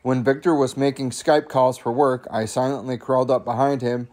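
A man's voice: mid-range voice, level tone, normal speed, a little mellow. A man reads a humorous memoir aloud in a casual, easygoing way. He chuckles often and breaks off for chatty asides to his listeners. Now and then he has to cough. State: coughing at times. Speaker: audiobook reader.

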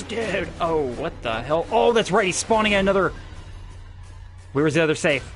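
A man giving let's-play commentary as a streamer, excitable, panicky and swearing often. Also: high-pitched, moderate pace. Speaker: gameplay streamer. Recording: gameplay audio with game music behind.

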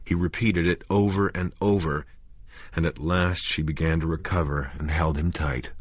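A man narrating a horror audiobook in a measured, deliberate way. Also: rumbling low, husky, no echo.

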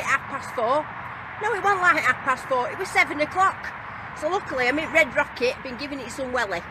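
A woman's voice: sits high, noisy background. A woman vlogging outdoors to a handheld camera, bubbly, giggly and gushing in casual chat. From England. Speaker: metal detecting vlogger. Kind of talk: excited casual vlog. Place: outdoors at a field rally, some driving in a car.

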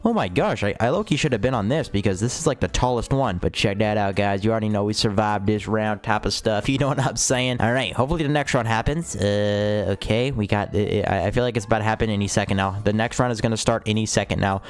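A young man hosting a gaming video, giving excited let's-play commentary and repeating himself as he gasps and yelps. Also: fairly low pitch, fast talker, few pauses. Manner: hyped, repeats phrases, frequent gasps and yelps.

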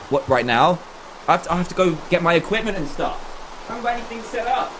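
A young man with a slightly high voice talks through his gameplay in a dramatic, excitable way. He keeps up a constant stream of self-talk. A faint hiss sits under the recording. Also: quick pace. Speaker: gaming YouTuber. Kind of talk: Let's Play commentary.

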